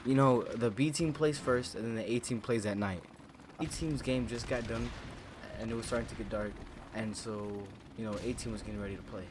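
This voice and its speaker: Speaking a little fast in a mid-range voice, a young man tells a casual story about his school years while background noise carries on. The storytime vlogger rambles, curses, and leans heavily on fillers.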